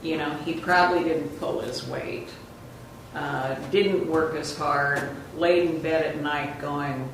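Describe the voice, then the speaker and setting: A man taking part in a church class discussion, speaking slowly and thoughtfully. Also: on the high side, steady tone, fairly bright tone, slight background noise. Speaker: class participant. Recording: distant mic in echoey room.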